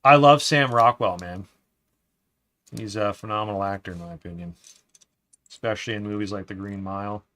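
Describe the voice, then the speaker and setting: This man's voice is lowish and moderately paced, with frequent pauses. Hosting a laid-back live stream from his desk, he reads comments aloud, addresses people as "man," and sometimes fades into a quiet mutter while building.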